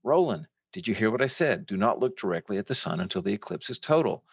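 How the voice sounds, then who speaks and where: A man voicing an excited older male amateur astronomer who shouts eager instructions. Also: on the low side, fast talker, vocal fry, husky, no echo, dull audio, pitched above the performer's own voice, full character voice. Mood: concerned.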